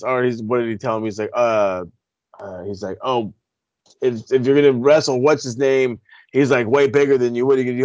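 A man co-hosting a podcast, ranting in a rambling, profane, animated way. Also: medium pitch, brisk, dry recording. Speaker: podcast co-host. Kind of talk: casual chat. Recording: dull lo-fi recording, dry.

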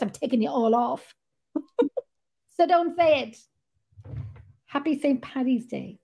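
A woman's voice: sits high, a little mellow. An Irish woman hosting a podcast, chatting casually in a blunt, jokey way with casual swearing. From Ireland. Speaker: podcast host. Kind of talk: casual chat.

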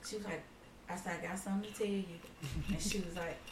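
A woman's voice: medium pitch, fairly even intonation, fast. A middle-aged woman, telling family stories in a casual chat. She acts out the quotes and laughs often. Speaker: mother telling her story. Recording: roomy, far from the mic, faint noise.

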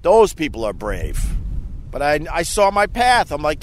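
Rambling middle-aged radio host outdoors. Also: male voice, on the high side, huge pitch swings, unhurried, a little hiss or hum. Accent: faint Long Island. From Long Island, New York. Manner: rambling, self-mocking, bursts into loud mock rants. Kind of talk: casual outdoor vlog monologue. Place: outdoors on a quiet beach.

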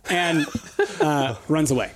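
A man's voice: on the high side, takes it slowly, noisy background. A man running a tabletop game as game master, rambling with many fillers and restarts.

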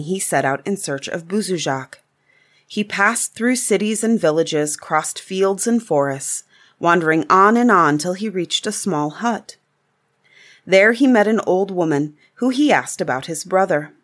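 A woman reading a fairy tale aloud in a calm, measured storybook narration. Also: fairly low pitch.

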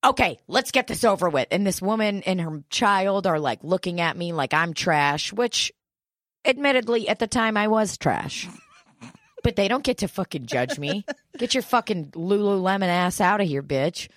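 A woman's voice: medium pitch, moderate pace, no echo, studio quality. A young woman from St. Louis telling a profane, comic personal story, laughing often. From St. Louis area. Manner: profane, laughing, animated retelling. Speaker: guest storyteller. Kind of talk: crude comedic storytelling.

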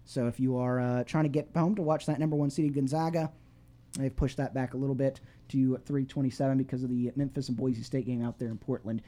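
Chatty sports radio host, mellow voice. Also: male voice, mid-range voice, fairly even intonation, a little fast. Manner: chatty, rambling with fillers and restarts. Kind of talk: casual sports radio talk. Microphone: studio microphone.

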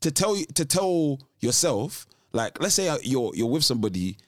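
A man co-hosting a podcast in casual chat, animated, often restarting his sentences. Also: medium pitch, moderate pace, dry recording, clean studio sound. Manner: animated, restarts often, laughs between points. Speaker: podcast co-host.

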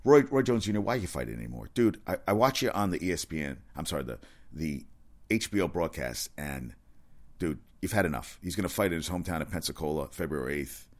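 A man giving a casual, rambling sports rant, excitable and profane, often correcting himself. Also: rumbling low, fast talker. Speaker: sports commentator.

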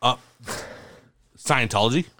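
A man's voice: medium pitch, a little slow, dry recording. A man co-hosting a comedy podcast, reacting with exasperated disbelief and frequent swearing. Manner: exasperated, incredulous, swearing, bursts into loud laughing protests. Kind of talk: casual comedic podcast chat.

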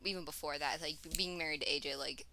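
Young female guest, bright voice, animated and scattered, swears casually. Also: sits low, fast talker, vocal fry. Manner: animated, profane, trails off. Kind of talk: casual chat.

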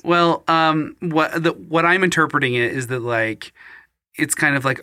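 Male co-host, bright tone, dry close sound, loose filler-heavy storytelling. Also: fairly high pitch, level tone, measured pace, no echo. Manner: rambling, filler-heavy, slips into mock-archaic reading voice. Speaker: podcast co-host retelling a legend. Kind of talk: casual chat, storytelling.

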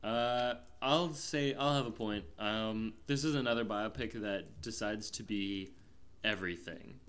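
This film reviewer co-hosts a podcast, rambling through a casual chat full of filler words. He speaks a little slowly in a lowish, clean voice with a touch of brightness.

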